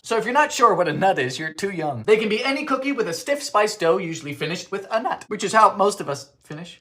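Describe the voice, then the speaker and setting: A young man from Bermuda, with a Bermudian accent, narrating a comedic baking video in a theatrical, campy way, switching between sudden high squeals and deadpan asides.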